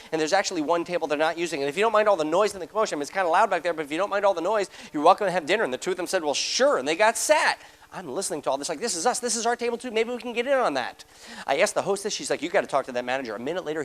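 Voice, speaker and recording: A middle-aged man giving a motivational seminar, telling a story fast and acting out the voices of the people in it. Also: sits high. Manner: rapid-fire, acts out quoted voices. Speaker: motivational speaker.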